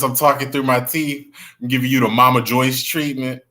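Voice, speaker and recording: A man's voice: medium pitch, flat delivery, moderate pace, sharp tone. A young man hosting a casual livestream, chatting with viewers, greeting them by name and gossiping about the news. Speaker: livestream host.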